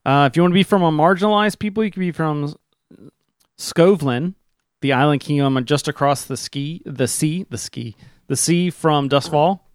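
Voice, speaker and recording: A man's voice: on the high side, normal speed, no echo, clean studio sound. A man running a tabletop game, explaining the rules casually with many fillers. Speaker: game master.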